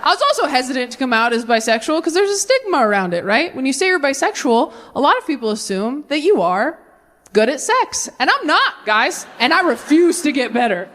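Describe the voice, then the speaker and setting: A woman's voice: high voice, big pitch swings, brisk, a bit bright. A woman in her thirties performing a stand-up set with a punchy, wry delivery, often jumping into character voices. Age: 30s. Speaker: stand-up comedian.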